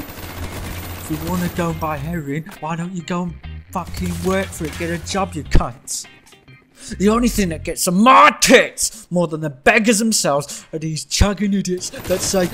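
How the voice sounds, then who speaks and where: Young bloke ranting and swearing, bit high voice, faint music behind. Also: male voice, normal speed. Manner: crude, sweary, mocking impressions, bursts into shouting. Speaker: gaming channel ranter. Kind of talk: comedic rant.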